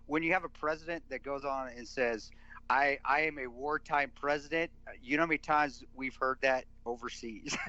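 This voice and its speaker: Man with a bright, forceful voice, emphatic rambling podcast guest, dull dry recording. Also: medium pitch, normal speed, no echo. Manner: emphatic, rambling with many restarts. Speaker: podcast guest, military veteran. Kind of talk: casual podcast conversation.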